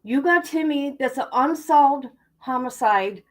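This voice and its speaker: A woman's voice: high-pitched, lively intonation, a little slow, poor audio. A woman hosting a true-crime livestream, talking indignantly and directly to her viewers. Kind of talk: heated livestream commentary.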